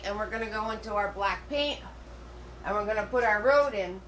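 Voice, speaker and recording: A middle-aged woman talks a class through a painting, chatty and rambling, stopping for fillers and restarts. Her voice sits at a middle pitch and carries the echo of an indoor room, picked up from away from the mic. A faint hum runs underneath. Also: moderate pace, a bit bright, recorded from a distance. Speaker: painting instructor. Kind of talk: live step-by-step painting class.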